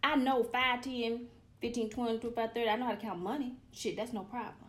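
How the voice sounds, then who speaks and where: A woman in her forties talks to her viewers in a loose, profane vlog monologue. Her voice sits a little high, and she rants with blunt, comic exasperation. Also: fairly even intonation, a little fast, fairly bright tone. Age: 40s. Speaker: vlogger.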